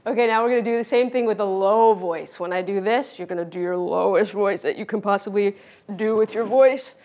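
A woman teaching a children's music lesson, speaking clearly and playfully, often demonstrating with her own voice. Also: mid-range voice, a little fast, darkish tone, a little hiss or hum. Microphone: pre-recorded video lesson.

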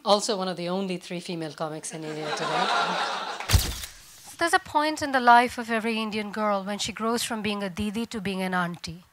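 Deadpan woman stand-up, middle voice, noisy clicky club recording. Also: mid-range voice, brisk. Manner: deadpan delivery. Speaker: stand-up comedian. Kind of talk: stand-up comedy set.

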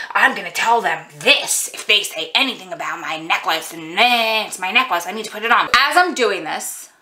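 Woman, storytime vlogger, chatty, animated, talks to viewers, bright voice. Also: medium pitch. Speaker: vlogger, prison wife. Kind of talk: storytime vlog chat.

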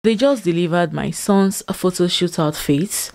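Low-voiced woman chatting to viewers. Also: unhurried, gravelly, soft background music, low-quality recording. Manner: chatty, addresses viewers warmly as "you guys" and "my loves". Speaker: mother vlogger. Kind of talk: casual vlog narration to viewers. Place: at home indoors.

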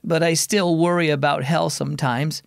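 A man's voice: on the high side, steady tone, moderate pace, creaky, no echo, studio quality. A man voicing a worried young girl in a children's story, speaking in a troubled, pleading way.

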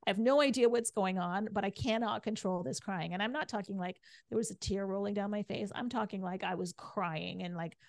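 A woman's voice: mid-range voice, a little fast, gravelly, few pauses, no room sound. Middle-aged female podcast guest; candid, chatty storyteller; dry, close mic. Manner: chatty, frequent "right?" and "like".

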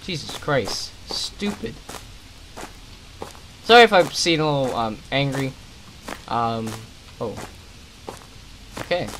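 Playing a horror game for a let's play, a young gaming commentator swears often and throws out irritated, sarcastic remarks. His mid-range voice is sing-song, a bit bright, and a little slow with long pauses, on poor audio with slight background noise.

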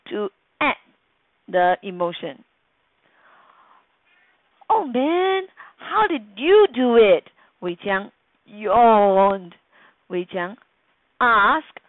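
Singaporean lady teacher going slow over a lesson, tinny phone-ish dry sound. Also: mid-range voice, no room sound. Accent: Singaporean English. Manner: patient, quizzing the class, acting out quoted lines. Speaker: English teacher. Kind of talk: recorded grammar lesson.

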